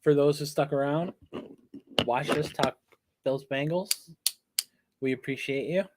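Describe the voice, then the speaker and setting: A man co-hosting a casual sports podcast, mostly giving short agreeing replies with halting restarts. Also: fairly high pitch, slight background noise. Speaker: podcast co-host.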